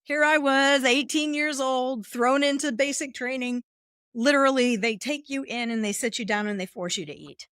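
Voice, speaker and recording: A woman's voice: sits high, normal speed, fairly bright tone, clear, resonant tone, dry recording, studio quality. A woman coach speaking as a podcast guest, explaining ideas expressively and acting out inner voices. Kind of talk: podcast interview conversation.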